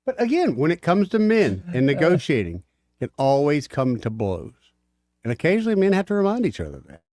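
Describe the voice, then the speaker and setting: A man's voice: fairly high pitch, huge pitch swings, fairly quick, darkish tone, no room sound, studio quality. A man co-hosting a talk radio show, giving blunt, opinionated takes in a casual chat. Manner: blunt, opinionated, laughs easily. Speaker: radio co-host. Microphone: studio microphone.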